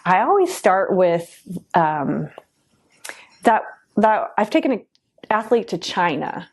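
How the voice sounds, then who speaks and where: A woman's voice: medium pitch, very animated, takes it slowly, breathy edge. A woman who coaches swimming, answering interview questions in a chatty way with many fillers. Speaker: Special Olympics swim coach.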